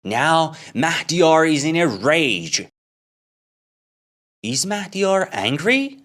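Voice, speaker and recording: A man's voice: fairly high pitch, big pitch swings, extremely slow, a bit bright. A man telling a simple story as an English lesson, asking questions about it and answering them himself. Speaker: English teacher.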